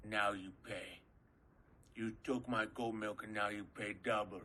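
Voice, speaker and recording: A man voicing an aggressive male cartel boss in a cartoon, speaking broken English with a Mexican Spanish accent in a dramatic, forceful way. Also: fairly low pitch, steady tone, unhurried. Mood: menacing.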